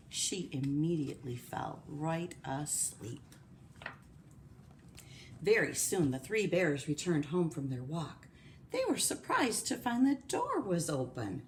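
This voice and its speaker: Slow, expressive woman reading aloud. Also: fairly low pitch, a little hiss or hum. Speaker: storyteller. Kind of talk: children's read-aloud.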